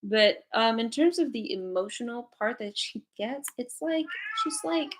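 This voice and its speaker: A woman's voice: fairly high pitch, animated, measured pace. A woman reading angel cards on a live stream from home, chatty and giggly, with lots of fillers. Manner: giggly, laughs often, many fillers. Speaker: psychic card reader. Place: at home with a cat.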